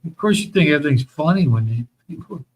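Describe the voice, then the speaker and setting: A man's voice: on the high side, animated, fast, slightly rough, lo-fi sound. A man telling rambling, profane stories about his school days in a casual chat, laughing as he goes.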